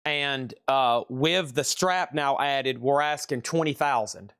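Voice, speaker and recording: A man's voice: mid-range voice, slow pace, a bit bright, smooth, dry recording, clean studio sound. A man with a Southern US accent hosting a live sales stream, chatty and repeating prices and buyer names.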